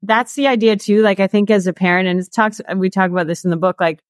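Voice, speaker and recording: A woman in her thirties, a guest author and coach, talking casually in an interview with lots of "like" and quick laughs. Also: medium pitch, steady tone, dry recording, studio quality. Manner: chatty, peppered with "like" and laughs.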